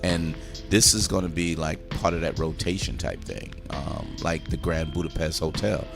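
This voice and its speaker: A man's voice: a bass voice, moderate pace, creaky, music in the background. A man hosting a casual movie review chat, enthusiastically retelling scenes and swearing freely.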